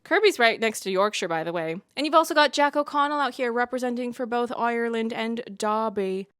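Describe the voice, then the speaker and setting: A woman vlogger delivers articulate, opinionated commentary, leaning hard on her points. Her voice sits a little high. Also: a little fast, fairly bright tone, clean tone. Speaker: book and film vlogger.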